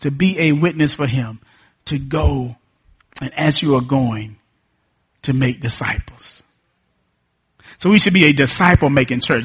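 Husky preacher man. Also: fairly high pitch, fairly bright tone. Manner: emphatic, repetitive preaching with call and response. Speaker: pastor. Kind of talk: sermon.

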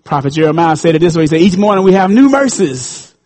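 A pastor in his fifties preaching a sermon, swinging between loud, high calls and low, quiet asides. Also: big pitch swings, fast talker. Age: 50s.

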